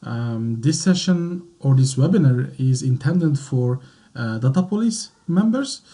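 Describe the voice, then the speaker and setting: A man with a mellow, darker tone presents a technical webinar. He talks hesitantly, filling gaps with ums and uhs as he moves through his slides. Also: mid-range voice, expressive, measured pace. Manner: hesitant, many fillers. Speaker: guest presenter.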